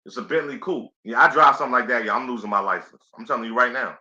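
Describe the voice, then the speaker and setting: A man's voice: mid-range voice, expressive, fast, few pauses, bright, forceful tone. A man hosting a casual live boxing play-by-play stream, laid-back and chatty, often saying "you know what I'm saying.". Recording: echoey room, dull lo-fi sound.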